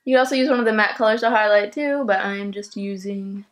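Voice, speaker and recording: Young female vlogger, casual step-by-step makeup talk, mid pitch, easy laughs. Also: fast. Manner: chatty, step-by-step, laughs easily.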